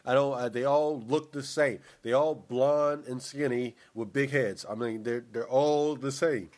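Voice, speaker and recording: A man's voice: mid-range voice, fairly even intonation, a little slow, a little mellow. A man in casual chat, talking in a rambling, opinionated way with many restarts.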